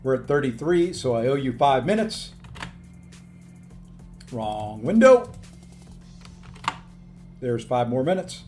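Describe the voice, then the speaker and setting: A man's voice: mid-range voice, brisk, few pauses, darkish tone, soft background music. A tired, upbeat man live-streaming a video game, chatting casually and thanking viewers by name as he plays.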